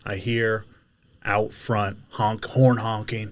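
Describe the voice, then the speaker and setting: A man in casual podcast chat, telling a story with lots of energy and shouting out quoted lines. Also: medium pitch, steady tone, measured pace. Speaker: podcast guest, delivery driver.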